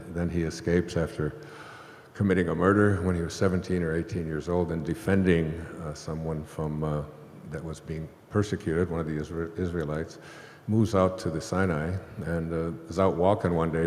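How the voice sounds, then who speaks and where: A man's voice: deep voice, a little mellow, slight background noise. A man telling a long, rambling spiritual story on stage to a live audience, laughing now and then. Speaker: host. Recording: echoey hall.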